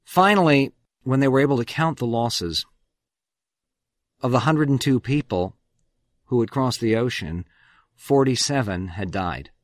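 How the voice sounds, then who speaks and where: A man's voice: medium pitch, expressive, a little slow, long pauses, dry recording. A man tells a history story on the radio with a mid-range voice recorded dry and close in a studio. He is an emphatic storyteller whose volume swells on important words. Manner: emphatic storyteller, swings loud on key words. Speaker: radio host.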